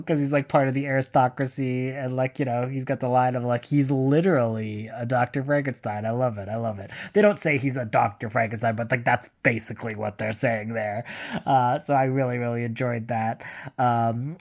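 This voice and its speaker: A casual book vlogger talking through a recent read in a rambling, chatty way, full of fillers and casual swearing, rising in pitch when amused or incredulous. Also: normal speed. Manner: gets louder and higher when amused or incredulous. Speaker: book reviewer. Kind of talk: casual book review vlog.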